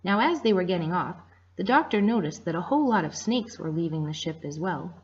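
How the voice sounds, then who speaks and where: A woman reading a children's story aloud to listeners in a gentle storytelling manner, in a dull lo-fi recording. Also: lowish voice, animated, a little fast, slight background noise.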